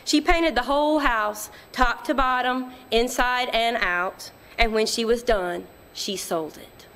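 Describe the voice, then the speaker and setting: A woman narrating literary fiction in a measured, quiet storytelling manner. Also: a little high, slight background noise. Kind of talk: audiobook reading of literary fiction.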